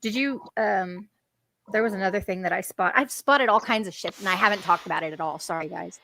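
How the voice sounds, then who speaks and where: A woman hosting a casual panel chat, telling stories quickly and with animation. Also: medium pitch, vocal fry, sharp tone. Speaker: host.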